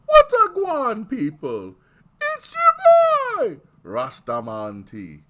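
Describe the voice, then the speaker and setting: A man putting on a playful fake Jamaican patois as a boastful mock Rasta character, loud and drawn out. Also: very high voice, wildly swooping pitch, takes it slowly, very noisy, voice pushed up, exaggerated voice. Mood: jokey. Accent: put-on Jamaican patois.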